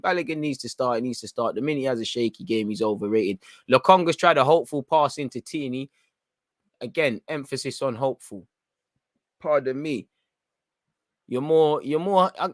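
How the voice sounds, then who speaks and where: Young man hosting a fan watchalong, bright tense voice, urgent match reactions, dry close sound. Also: a little high, dry recording. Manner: excitable, urgent, coaching the players. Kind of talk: live match reaction commentary.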